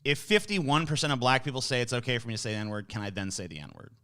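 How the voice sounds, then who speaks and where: Bright-toned man joking as host. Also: medium pitch, expressive, fast talker. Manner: joking, profane, provocative questions. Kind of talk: casual interview chat.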